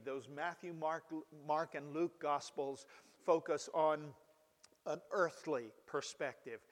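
Man, pastor, sermon, measured delivery, emphatic rises, slightly high voice, long hall reverb.

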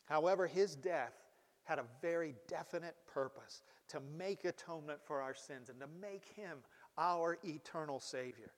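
A man preaching a sermon as pastor, measured and steady, leaning on emphatic rises for key phrases. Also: fairly high pitch, in a large hall.

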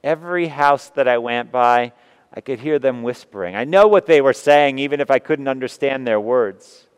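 A man preaching, retelling a story in the first person with earnest, emotional delivery and long pauses. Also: medium pitch, clean tone. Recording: long reverb of a large hall.

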